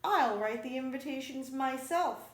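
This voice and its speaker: Picture a fussy, hard-working lady iguana from a storybook, bossy and fed up with her lazy friends, put on by a woman. Her voice pitches up high and pushes loud and emphatic. It rings in an echoey room. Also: a little slow. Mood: insistent.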